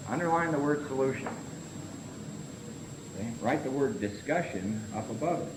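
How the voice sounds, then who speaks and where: This recovery-group teaching talk comes from a Big Book study leader with a mid-range voice that swings widely in pitch at a normal pace. He speaks in clipped, forceful bursts, frequently adding "see?", and faint hiss and echo fill the room.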